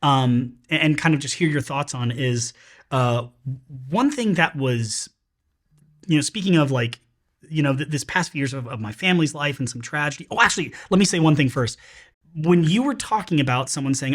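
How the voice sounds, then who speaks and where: Male host, earnest, rambling, lots of restarts, a bit high-pitched. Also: animated, moderate pace. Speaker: podcast host. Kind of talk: casual chat.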